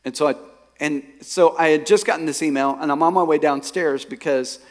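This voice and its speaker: A male pastor preaching a sermon. He tells a personal story and swings from quiet reflection to emphatic, rising bursts. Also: fairly high pitch, a little fast. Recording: long hall reverb.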